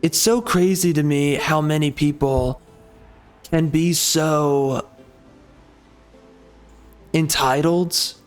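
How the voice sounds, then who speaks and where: A man hosting a gaming channel, venting in an angry, profane rant with halting restarts and frequent swearing. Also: on the high side, clear, resonant tone, soft background music. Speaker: gaming channel host and author. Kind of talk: frustrated rant over gameplay.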